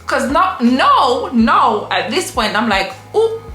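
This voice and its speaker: A woman vlogger telling a travel story to camera in a casual, animated way, acting out the people in it. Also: high voice, slow pace, echoey room, faint music behind. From Jamaica. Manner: animated, acts out voices in her story.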